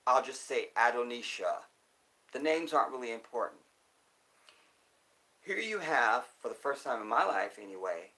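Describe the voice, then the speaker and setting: An animated man delivers a casual monologue, driving his points home by repeating them. His voice sits at an ordinary middle pitch, and his pace swings between slow emphasis and quick asides. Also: poor audio. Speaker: commentator.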